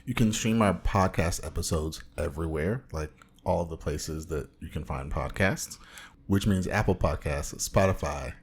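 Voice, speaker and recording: A man's voice: very deep voice, moderate pace, husky. A man in his thirties from Southern California, co-hosting a podcast in casual banter with a dry, goofy, teasing manner. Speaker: podcast co-host.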